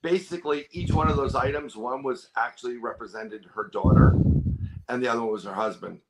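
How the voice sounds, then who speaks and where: A man's voice: mid-range voice, a little fast, background noise. A man with a mid-range voice, talking as a podcast guest in a casual, rambling way. He restarts his sentences and slips into quoted dialogue as he tells his story.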